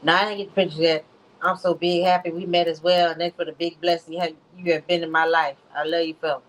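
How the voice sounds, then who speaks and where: A woman voicing a man who mumbles his loose love texts in a flat way. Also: on the low side, fast, lightly acted, rough recording.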